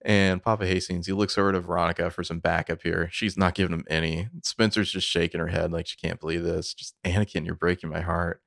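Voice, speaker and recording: A man co-hosting a podcast, casually retelling a TV episode and jumping into the characters' lines with big swings of pitch. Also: level tone, fast talker, gravelly, hardly any pauses, a bit bright, no room sound, clean studio sound. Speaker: podcast co-host recapping a TV episode. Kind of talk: casual chat.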